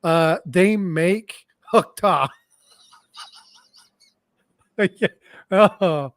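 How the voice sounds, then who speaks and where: A man's voice: high-pitched, drawn-out words, no echo. A man hosting a casual live stream, laughing often and reading comments from the chat.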